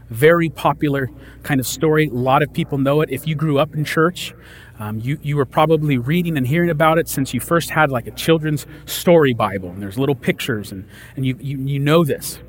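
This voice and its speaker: A man preaching a sermon in a casual, conversational way, reading scripture and explaining it with lively asides. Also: mid-range voice, brisk, slight background noise. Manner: conversational, animated, acts out disciples' lines. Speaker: pastor.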